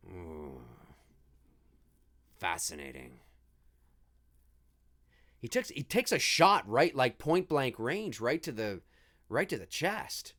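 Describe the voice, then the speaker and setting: A man's voice: mid-range voice, wildly swooping pitch, slow, pauses often, a bit bright. A man hosting a live movie commentary stream, talking in a rambling, easygoing way and swearing freely.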